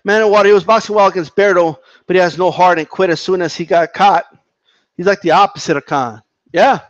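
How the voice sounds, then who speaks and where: On a live stream, a man with a high-sitting voice rants casually about boxing at a slightly fast pace while reading the chat. He swears and repeats himself in heated bursts, and the lo-fi recording has no echo.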